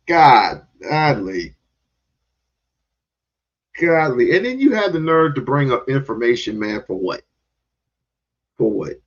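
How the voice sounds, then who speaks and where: A man's voice: mid-range voice, sing-song, takes it slowly, long pauses, highs cut off. A man giving heated, confrontational reaction commentary, cursing and repeating himself to drive points home.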